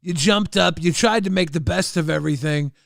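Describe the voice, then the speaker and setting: A man's voice: a little high, brisk, creaky, no room sound, studio quality. A male host teasing a co-host with leading questions on a casual livestream panel.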